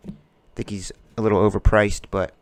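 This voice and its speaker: A man's voice: fairly low pitch, level tone, a little fast, dry recording. A man hosting a card-breaking stream, chatting casually and joking as he calls out player names while opening packs.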